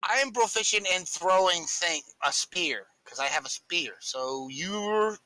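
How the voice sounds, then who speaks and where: Lively, bright-voiced male gamer. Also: high voice, measured pace, poor audio. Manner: boisterous, lively in-character boasting. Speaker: player. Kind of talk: tabletop game play.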